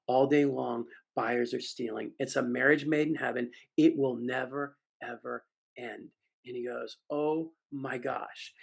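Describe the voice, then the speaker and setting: A man's voice: medium pitch, creaky. A man giving a conference keynote as a sales trainer, telling stories and acting out the voices of audience members. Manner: animated, acts out voices of audience members in a story.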